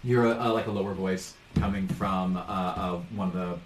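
A man's voice: sits low, steady tone, normal speed. A man running a tabletop game as game master, narrating in a loose, chatty way with frequent ums. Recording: roomy, distant mic, faint noise.

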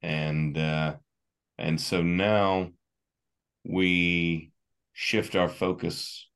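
Man, tabletop player, very deep voice, unhurried, hesitant, lots of ums. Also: level tone, gravelly, a bit bright, smooth. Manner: hesitant, halting with many fillers. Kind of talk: in-character tabletop role-play.

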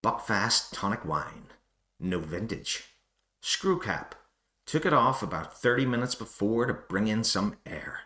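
A man's voice: lowish voice, very animated, unhurried, pushed and bright, slight background noise, exaggerated voice. A man doing a clumsy put-on North American accent, playing a fussy male wine connoisseur who reads out tasting notes in short, clipped phrases. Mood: sniffy, deadpan. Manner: dry tasting-note delivery in clipped phrases. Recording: roomy echo.

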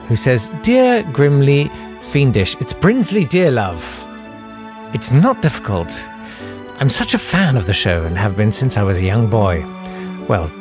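A man playing a creepy older radio presenter, soft, lingering and falsely sweet. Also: on the low side, voice pushed down.

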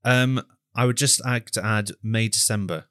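Deep-voiced man, playful. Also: moderate pace, a bit bright, clean tone, no room sound, clean studio sound. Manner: teasing, playful. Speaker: podcast co-host. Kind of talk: casual chat.

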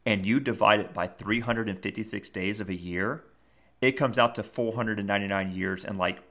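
A man's voice: fairly low pitch, a bit bright. A man co-hosting a podcast, retelling scenes in a rambling, casual chat full of fillers. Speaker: podcast co-host.

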